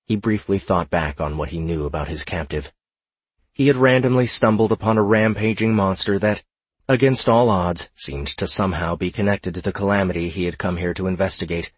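A man narrating an audiobook in a steady, measured reading. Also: sits low, slightly rough, no echo.

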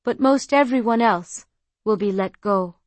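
A gentle, grieving lady of a great house speaks wistfully in a storybook reading, as a woman reads her lines. Her voice is a touch raised and fuller than the narration, and the recording is very dry and close. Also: mid-range voice, measured pace, no room sound, lightly acted.

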